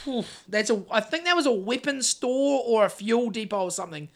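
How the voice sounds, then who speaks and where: A man's voice: very high-pitched, expressive, brisk. A man, co-hosting a podcast on a phone live stream, rambling and swearing as he chats. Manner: rambling, swearing, self-interrupting. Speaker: podcast co-host. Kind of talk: casual chat on a live stream.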